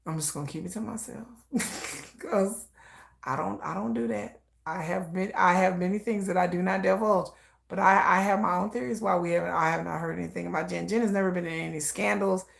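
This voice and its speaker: Gossipy woman with a gravelly edge. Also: fairly low pitch, fairly quick. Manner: animated gossipy storytelling, acts out quoted lines. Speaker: reaction commentator. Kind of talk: casual live reaction commentary.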